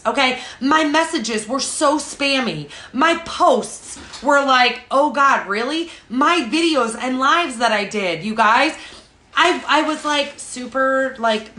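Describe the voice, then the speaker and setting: Female sales coach, high bright voice, casual emphatic delivery, roomy echo. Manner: chatty, emphatic, many "like" and "okay?" tags. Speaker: social selling coach. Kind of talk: motivational group talk. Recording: echoey room.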